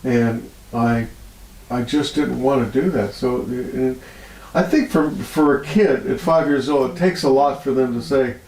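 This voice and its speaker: A man's voice: a little slow, roomy sound, low-quality recording. Man telling stories with feeling. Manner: animated storyteller, laughs often, voice rises high when moved. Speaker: healer guest. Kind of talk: storytelling interview.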